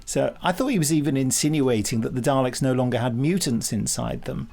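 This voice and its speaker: Gravelly-voiced man chatting on a podcast. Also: medium pitch, fairly quick, a little mellow. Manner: chatty, wry and digressive. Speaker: podcast co-host. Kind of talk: casual podcast commentary chat.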